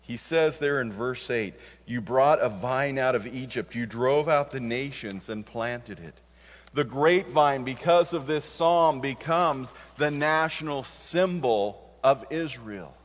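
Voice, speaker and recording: A man preaching a sermon as pastor. He moves between quiet passages and emphatic lines, stressing key words. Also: mid-range voice, a little slow. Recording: muffled sound with long hall reverb.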